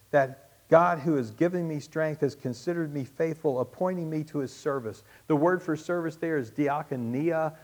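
A pastor preaches at an unhurried pace in a man's voice that sits a little high. He builds to loud, emphatic peaks and then drops to hushed asides. He repeats his key lines for weight. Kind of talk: sermon.

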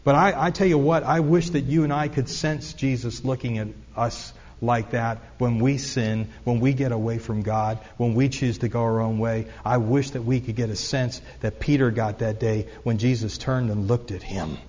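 A man's voice: mid-range voice, fairly even intonation, moderate pace, few pauses, a little mellow. A man preaching a sermon as pastor, earnest and conversational, with frequent asides to the congregation. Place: church sanctuary. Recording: echoey hall, dull lo-fi sound.

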